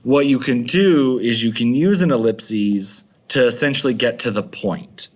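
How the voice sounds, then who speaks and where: A man's voice: mid-range voice, unhurried. A man teaching a recorded video lesson, chatty and rambling with many fillers.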